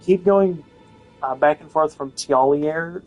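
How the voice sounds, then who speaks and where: A man's voice: a little high, takes it slowly, darkish tone, muffled recording, faint music behind. A young man giving casual gameplay commentary, rambling with lots of fillers and self-corrections. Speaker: gaming video host.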